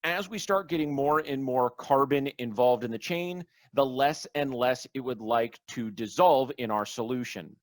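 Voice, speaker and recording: A man's voice: mid-range voice, moderate pace, hardly any pauses, no room sound. A man giving a recorded online chemistry lecture, explaining step by step through exam examples.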